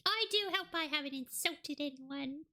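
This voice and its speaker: A woman's voice: sits high, normal speed, sharp tone, a little hiss or hum, voice pushed up. A woman voicing a haughty, imperious foreign lady witness in a game, speaking in a prim, condescending manner. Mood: disdainful.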